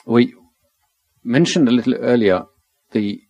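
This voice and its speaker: A man in a Bible study discussion who talks in a reflective, gently persuasive way and often ends points with tag questions. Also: medium pitch, measured pace, no room sound, low-quality recording.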